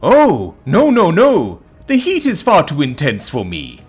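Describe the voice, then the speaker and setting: Male narrator doing a high, blaring NPC bear dad for a story reading: whiny, melodramatic, looping one line. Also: wildly swooping pitch, measured pace, husky, soft background music, exaggerated voice. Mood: panicky. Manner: repeats the same panicky line. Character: stiff game NPC father bear, whiny and dramatic.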